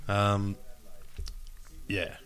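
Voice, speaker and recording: A man co-hosting a podcast in casual chat, speaking in hesitant, halting bursts. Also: lowish voice, monotone, a bit bright, clear, resonant tone. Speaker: podcast co-host.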